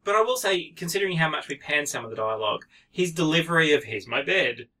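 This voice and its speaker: A man co-hosting a casual film review podcast, animated, laughing often and swearing. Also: a little high, fast talker. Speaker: podcast co-host.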